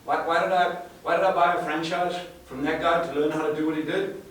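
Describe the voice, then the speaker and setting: A man's voice: on the high side, fairly even intonation, a little fast, a bit bright. Emphatic man in an echoey hall. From South Africa. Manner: emphatic, asks the audience rhetorical questions, repeats words. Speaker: sales trainer. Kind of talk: live seminar talk. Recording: echoey room, far from the mic, faint hiss.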